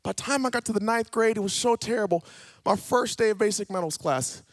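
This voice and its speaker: Man, high voice, sharp bright tone, church testimony, dramatic storytelling, dry sound. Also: brisk, no echo. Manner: dramatic storyteller, swinging from hushed to shouting. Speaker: guest speaker. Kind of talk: personal testimony sermon.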